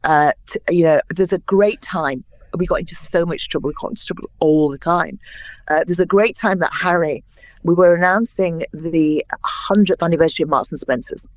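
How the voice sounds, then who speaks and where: Lively older woman telling anecdotes. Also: fairly low pitch, moderate pace, no room sound. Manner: lively anecdotal storyteller, acts out quotes. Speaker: guest. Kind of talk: interview storytelling.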